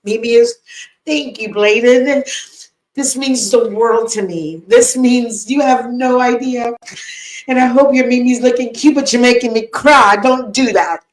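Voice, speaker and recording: A woman's voice: fairly high pitch, measured pace. An older woman co-hosting a live podcast, effusive and emotional, greeting viewers by name. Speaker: podcast co-host. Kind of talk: casual live chat. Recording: echoey room.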